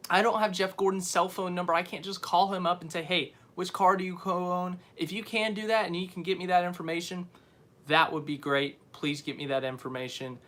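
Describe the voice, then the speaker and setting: A man's voice: high-pitched, bright, forceful tone. A young man hosting a casual live stream, rambling and often correcting himself as he answers viewers. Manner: rambling, unsure, self-correcting.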